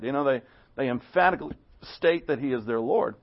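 A man teaching a Bible class verse by verse, conversational, with rhetorical questions and animated quoting. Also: on the high side, fairly quick, highs cut off.

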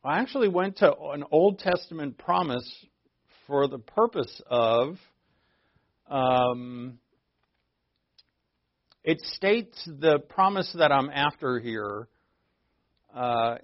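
A male pastor teaches scripture in a loose, conversational way, filling pauses with uhs and poking fun at himself. His voice sits at a middling pitch. The recording is dry and somewhat muffled. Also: no echo. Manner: conversational, self-deprecating, with frequent fillers. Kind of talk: expository sermon.

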